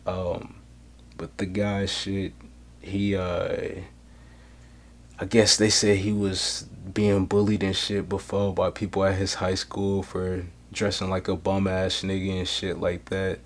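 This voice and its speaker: A man hosting a solo podcast, talking bluntly with heavy swearing, getting loud when worked up. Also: deep voice, completely flat delivery, slow pace, slight background noise. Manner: blunt, profane street talk. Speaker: podcast host.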